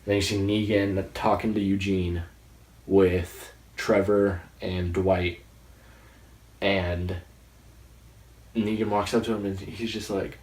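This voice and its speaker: A man in his late teens giving a casual, excitable, rambling review of a TV episode. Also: low-pitched, moderate pace. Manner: excitable, rambling, with frequent restarts. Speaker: movie reviewer. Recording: roomy sound, distant from the mic.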